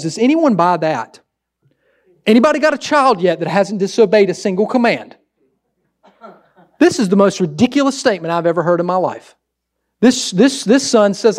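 A man preaching a sermon, talking straight to his listeners in an earnest, animated way. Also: high voice, normal speed. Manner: earnest, direct, animated with sudden swings. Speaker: pastor.

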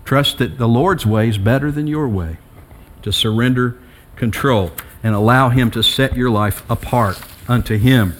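A middle-aged man preaching a sermon as pastor, telling personal stories between quiet reflection and emphatic rises. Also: mid-range voice, a little slow.

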